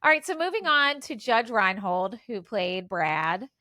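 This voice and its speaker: A woman in her forties co-hosts a podcast, sharing movie tidbits in relaxed, filler-laden chat. Her voice sits at a middling pitch. The recording is dry and close, with no room sound. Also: a little slow, no room sound. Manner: chatty, reads film trivia with fillers. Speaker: podcast co-host. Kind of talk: casual chat.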